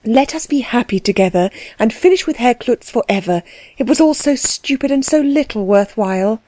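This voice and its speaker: A woman reading the lines of a tender, weary young aunt in an audiobook, soft and pleading in her speech. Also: a little high, lively intonation, normal speed, dry recording, pitched above the performer's own voice, natural voice.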